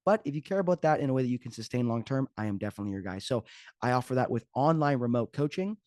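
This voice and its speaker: A man's voice: medium pitch, expressive, racing, darkish tone, no room sound, clean studio sound. A man hosting his own podcast as a fitness coach, talking casually and joking off the cuff. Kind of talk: casual solo podcast talk.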